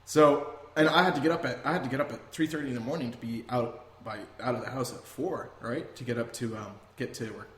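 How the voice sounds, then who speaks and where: A man's voice: mid-range voice, fast talker, few pauses. Young guy, rambling anecdotes, echoey room. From Canada. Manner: animated, rambling, self-amused. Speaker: guest. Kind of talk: casual storytelling. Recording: echoey room, faint noise.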